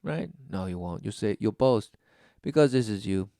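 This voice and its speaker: A man's voice: fairly low pitch, moderate pace, dark tone, no room sound, clean studio sound. A man giving preaching commentary, reading passages aloud and answering them with sarcastic, mocking remarks. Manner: reads study text aloud, then scoffs.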